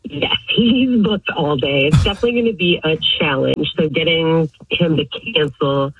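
A woman's voice: sits low, normal speed, a little hiss or hum. A woman calling in to a radio show, giggly and chatty about her husband. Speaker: caller. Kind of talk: phone call to a radio show. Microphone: phone. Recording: tinny phone line, raspy.

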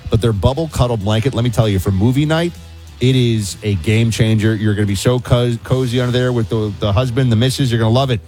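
A man co-hosting a talk radio show, teasing his partner with quick jokes, and also reading ads. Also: mid-range voice, darkish tone, soft background music. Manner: wisecracking, teasing. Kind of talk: talk radio banter and host-read ad.

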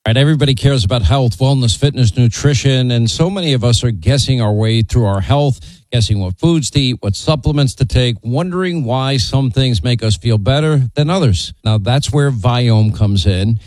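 A man reading an advertisement on a radio show, upbeat and smooth. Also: medium pitch, moderate pace, darkish tone, no room sound, rough recording. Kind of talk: read advertisement.

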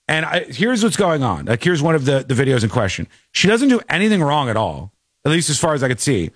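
A man's voice: mid-range voice, big pitch swings, fairly quick, breathy edge, no room sound, studio quality. A man hosting a talk show, chatting casually and rambling with frequent restarts. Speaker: show host. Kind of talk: casual commentary chat.

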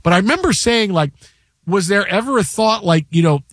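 Man, sports host, casual storytelling, animated, higher voice, dry recording. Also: fairly quick, dry recording. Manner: animated, acts out quotes.

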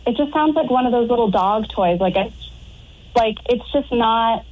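A woman's voice: fairly high pitch, normal speed, narrow, tinny audio, slight background noise. A woman calling in to a radio show, chatty and defensive as she tells her story. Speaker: caller. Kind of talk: casual phone-in story.

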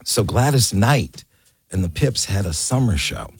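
A man in his sixties tells his story as a talk show guest. He acts out each voice in his anecdotes. His voice sits low, with a rough gravel and a husky edge. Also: measured pace, no echo. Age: 60s. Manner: animated storyteller, acts out quotes. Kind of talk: storytelling interview.

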